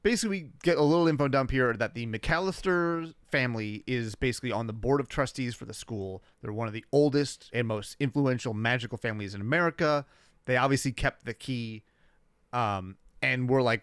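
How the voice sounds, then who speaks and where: A man with a crisp, resonant voice explains things quickly and easily in a podcast chat. The sound is dry and close, with no room around it. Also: mid-range voice, fairly bright tone, no room sound. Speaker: podcast co-host. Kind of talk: casual chat.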